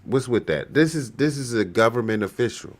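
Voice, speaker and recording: Man, stream host, profane, mocking, heated, mid-pitched voice. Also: expressive, brisk. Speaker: show host reacting to clips. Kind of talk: livestream commentary.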